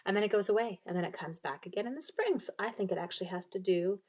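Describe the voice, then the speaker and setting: This young Canadian woman speaks quickly and expressively at a medium pitch, her voice a little mellow with a breathy edge. Demonstrating card making in a casual live stream, she rambles, reads viewers' comments aloud, and has recurring coughing fits.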